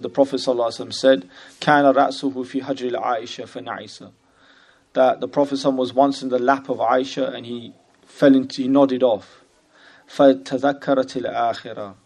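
A man's voice: mid-range voice, darkish tone. Man teaching a text, chatty check-ins. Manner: conversational, constantly checks in with "you know" and "right?"; recites Arabic passages rapidly. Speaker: religious teacher. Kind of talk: explaining a classical religious text to a class.

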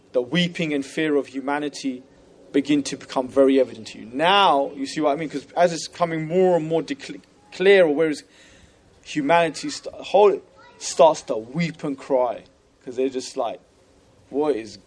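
Teaching a classical religious text, this man speaks conversationally with a medium-pitched, darkish voice, checking in often with "you know?" and "right?". He reads Arabic passages rapidly, and there's slight background noise.

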